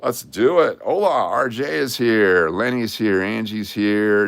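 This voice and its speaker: A man with a low, deep voice hosts a casual livestream and talks in a loose, rambling way. He reads out viewer names and song requests. The sound is dry and close, with no room echo. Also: lively intonation, a little slow, creaky, few pauses, a bit bright. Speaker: livestream host.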